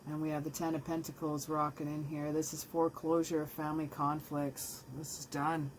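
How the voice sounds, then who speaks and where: A woman's voice: deep voice, flat delivery, moderate pace, slight background noise. A woman giving a casual, heartfelt tarot reading that speaks straight to the viewer. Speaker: tarot reader.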